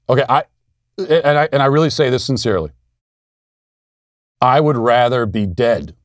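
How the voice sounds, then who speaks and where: A man in his thirties hosts an opinion podcast, delivering a commentary monologue in a defiant, sarcastic, emphatic way. His medium-pitched voice is recorded at studio quality with no room sound.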